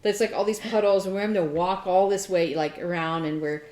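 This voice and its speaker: A woman co-hosting a craft podcast, telling a story in a chatty, animated way with lots of fillers. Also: on the low side, a little fast, echoey room. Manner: chatty, animated retelling with many fillers and laughs. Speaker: podcast co-host. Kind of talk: casual storytelling chat.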